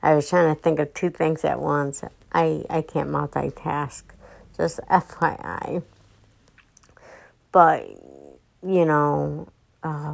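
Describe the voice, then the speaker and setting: A woman's voice: sits low, gravelly, poor audio. An exhausted young woman rambling through a casual podcast monologue, full of fillers and restarts. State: exhausted and fatigued. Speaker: podcast host.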